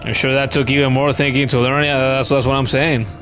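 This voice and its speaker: Male streamer, mid-pitched and casual, wry with chat, trips over his first words, faint music behind. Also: level tone, fairly quick, fairly bright tone. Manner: playful, wry, talks to chat; repeats words when starting a thought. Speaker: game streamer. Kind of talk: casual live-stream gaming commentary.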